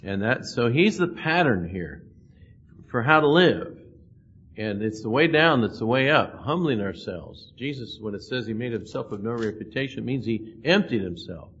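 A man's voice: medium pitch, husky. A man preaching a sermon, earnest, quoting scripture and building emphasis on key words. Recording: dull lo-fi sound with faint noise.

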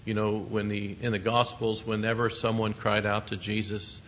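Warm-toned preacher man, lo-fi. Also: on the low side, level tone, a little slow, a little hiss or hum. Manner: conversational preaching with asides and chuckles. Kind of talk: sermon. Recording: muffled lo-fi recording.

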